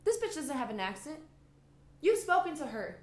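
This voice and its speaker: In an echoey room, a native Spanish-speaking podcast co-host chats casually and goes on a heated, swear-filled rant. Her voice is high-pitched and very animated with a darkish tone, at a normal speed.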